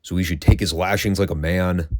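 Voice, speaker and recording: A man with a fairly low voice recaps old wrestling episodes in a loose, casual way, dryly sarcastic and quick to swear. The recording is dry and close, with no room sound. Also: fairly even intonation, no echo. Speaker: podcast host reviewing classic wrestling.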